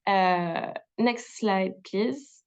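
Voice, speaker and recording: Slow-speaking French-accented woman presenter. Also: medium pitch, a little mellow, smooth, muffled recording. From France. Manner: measured, frequent hesitations and restarts. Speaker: government official presenting. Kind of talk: webinar presentation.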